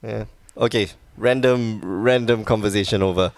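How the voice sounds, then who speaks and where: A man's voice: fairly low pitch, steady tone, moderate pace, no room sound, clean studio sound. A man hosting a podcast in casual chat, rambling and laughing easily, with a wheezy cough. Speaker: podcast host.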